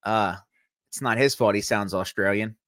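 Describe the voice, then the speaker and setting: Energetic man on a dry mic. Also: on the low side, dry recording. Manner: energetic, quick to joke. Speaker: podcast co-host. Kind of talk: casual chat.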